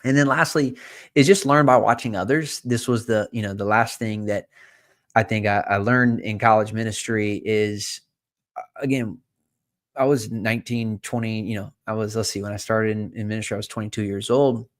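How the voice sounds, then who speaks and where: A man's voice: fairly low pitch, fairly even intonation, moderate pace. A man from South Carolina in his thirties with a Southern country accent, talking casually to his audience and rambling through stories with plenty of fillers and restarts. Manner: rambling, full of fillers and self-corrections. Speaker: fund manager and podcast host. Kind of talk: casual talk to camera.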